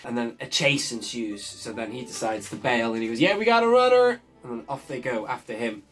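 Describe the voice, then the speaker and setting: A man's voice: medium pitch, fairly even intonation, brisk, fairly bright tone, slightly rough. A man recapping a TV episode in a casual, enthusiastic way, often chuckling as he talks. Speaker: show reviewer.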